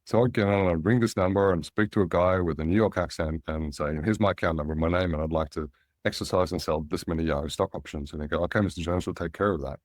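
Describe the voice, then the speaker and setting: A middle-aged Australian man, a guest in an interview, telling relaxed anecdotes and animating the voices of people he quotes. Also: deep voice, quick pace, no room sound, studio quality. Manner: anecdotal, animated when quoting others. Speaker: guest, angel investor.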